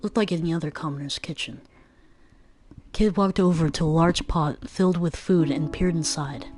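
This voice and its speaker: A woman's voice: low voice, moderate pace, darkish tone. Woman streamer reading a game aloud. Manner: casual, playful and laughing. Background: background game music.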